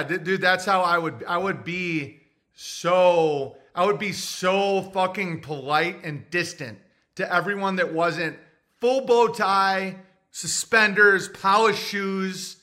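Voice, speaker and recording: A man with a high, piercing voice hosts a podcast, rambling through crude jokes in loose chat. He stops now and then to read listener messages aloud. His tone stays sharp and bright. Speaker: podcast host. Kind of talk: casual comedic rant.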